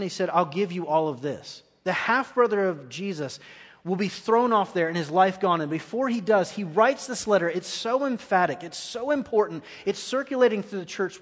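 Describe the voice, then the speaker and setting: A man preaching a guest sermon in a church, earnest and dropping to quiet intensity at key points. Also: sits high. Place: church sanctuary. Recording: long echoey hall reverb.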